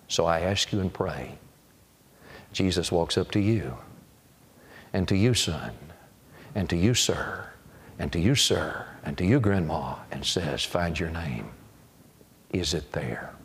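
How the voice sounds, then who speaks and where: A man preaching a revival sermon, pleading and repeating his questions, telling stories with dramatic pauses. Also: low-pitched, husky. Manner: pleading, repetitive, dramatic storytelling. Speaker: evangelist preacher.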